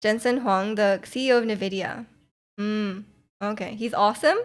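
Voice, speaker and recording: At a normal speed and in a mid-range voice, a young woman streamer reads her chat and talks casually with viewers. She tends to ramble, leaning on "like," starting over mid-sentence, and laughing often.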